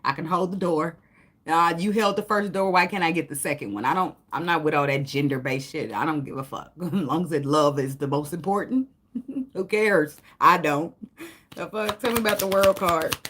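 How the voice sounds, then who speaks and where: A tarot reader with a low-pitched voice gives a casual reading at normal speed. She's loud and profane, cursing, joking and laughing between cards.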